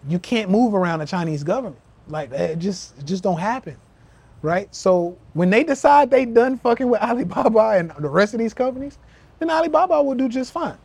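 A high-pitched young man delivering a fired-up motivational rant on a live stream. He swears freely and preaches at his followers, calling them family. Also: darkish tone, husky. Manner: profane, preachy, addresses listeners as family. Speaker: podcast host. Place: live social media stream.

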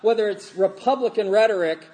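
A middle-aged man preaching a sermon in an informal, halting way, with many fillers and restarts. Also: high-pitched, a little mellow. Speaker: pastor.

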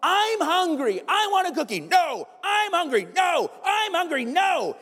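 A shrill little kid, as a man puts him on, whining and shouting for a cookie with relentless pleading. The high voice rings through a big hall with a long echo. It sounds like a full tantrum. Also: sing-song, unhurried, full character voice. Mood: whiny. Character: whiny small child nagging for a cookie.

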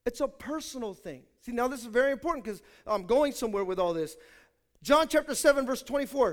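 Fast and animated, a very high-voiced pastor delivers his sermon straight to the congregation. He is emphatic throughout, drifting from quiet asides into loud declarations.

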